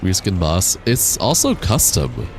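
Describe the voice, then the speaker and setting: A man's voice: sits low, huge pitch swings, unhurried, gravelly, soft background music. A young man streaming a game, chatting casually, reading chat aloud and laughing often. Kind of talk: casual livestream chat while gaming.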